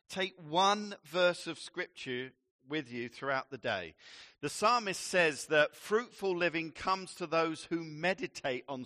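A male pastor delivering a sermon in a bright, forceful voice. He moves slowly and leans on each word with emphasis, and drops in playful asides. His voice sits a little high for a man. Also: dry recording, studio quality.

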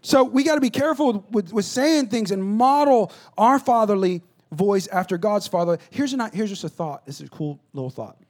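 A man preaching a conversational sermon, acting out little dialogues and swinging between loud bursts and hushed asides. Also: high-pitched, animated, moderate pace, hardly any pauses. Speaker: pastor.

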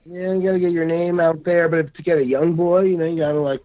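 A man, a pro wrestler, chatting casually on a podcast in a rambling, halting way full of fillers. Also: fairly high pitch, flat delivery. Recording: dry, phone-like lo-fi sound.

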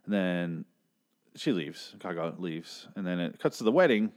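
A man's voice: low voice, lively intonation, unhurried, darkish tone. A man casually recapping a TV episode, swearing often and sounding exasperated as he rambles through the plot. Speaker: TV recap host.

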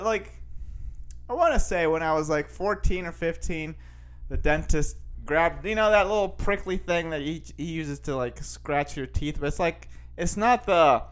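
A man's voice: high-pitched, a bit bright. A young man hosting a podcast, telling a rambling, self-mocking story in a casual monologue full of fillers and restarts. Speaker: podcast host.

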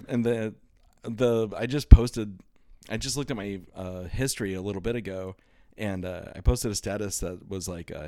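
A man's voice: on the low side, moderate pace, no room sound, clean studio sound. A man hosting a casual comedy podcast, telling stories with lots of swearing and acting out the voices in them. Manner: animated storytelling, swearing, acts out voices. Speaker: podcast host.

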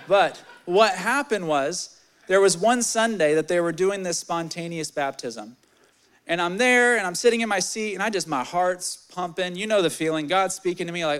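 A young male preacher with a fairly high, smooth voice speaks a little fast, sharing a sermon through candid stories. His volume and energy rise as each story builds, then he turns low and quiet to read scripture.

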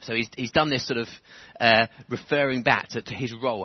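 A man preaching a sermon in church, animated, chuckling often and building to fervent emphasis. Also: mid-range voice, fairly quick, slightly rough, dry recording. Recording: dull lo-fi church recording.

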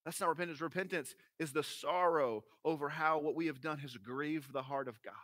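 Pastor guy preaching, high bright voice, folksy and animated. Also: brisk. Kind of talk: sermon.

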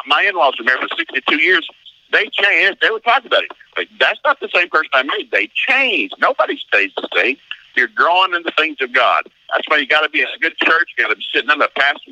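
A middle-aged man, a pastor, telling stories in a folksy, animated way, acting out voices and laughing often. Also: fairly high pitch, dry recording, low-quality recording. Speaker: pastor and marriage seminar teacher. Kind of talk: animated interview storytelling.

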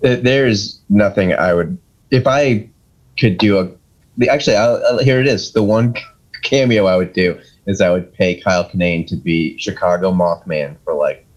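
A man co-hosting a podcast in casual chat, rambling and jokey with sudden excited bursts. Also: low-pitched, moderate pace. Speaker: podcast co-host. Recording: dull lo-fi sound.

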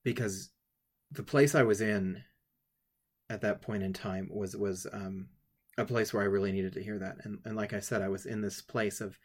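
Guy with a lowish voice, halting and choked up, telling his story and running a writing exercise. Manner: halting, emotional, many restarts. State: tearful. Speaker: writing workshop leader.

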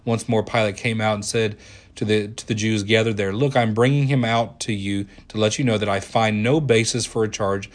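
Low-voiced man teaching scripture. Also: steady tone, normal speed. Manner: conversational, frequent restarts, reads scripture aloud. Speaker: pastor. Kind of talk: sermon teaching.

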